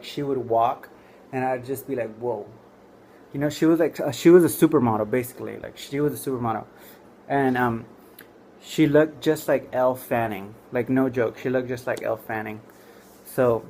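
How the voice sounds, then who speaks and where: A man's voice: mid-range voice, a little mellow, a little hiss or hum. Rambling man telling a comic story. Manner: rambling, full of "like" and "you know". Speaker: comedian storyteller.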